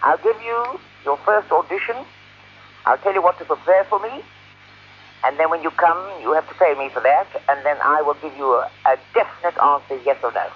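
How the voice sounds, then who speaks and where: Brusque, impatient woman drama coach; husky voice, heard through a dull phone line. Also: low voice, normal speed. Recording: muffled telephone line on old radio tape.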